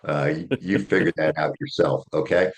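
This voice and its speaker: This is a rumbling, low male voice with fairly even intonation and a moderate pace. Being interviewed as an author and attorney, he builds his case earnestly, point by point, checking in with "okay?" as he goes.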